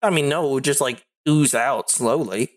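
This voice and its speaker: A man's voice: mid-range voice, moderate pace. A man narrating a tabletop game as game master, rambling with lots of "like" and frequent giggles. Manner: giggly, rambling with many likes.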